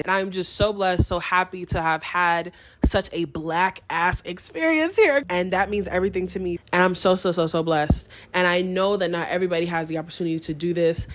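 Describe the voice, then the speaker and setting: A young woman in her twenties talks to her viewers in a candid, heartfelt vlog. Her voice sits a little low for a woman, and her delivery is expressive and sincere, with bits of Spanish mixed in. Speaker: vlogger. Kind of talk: casual vlog talk to camera.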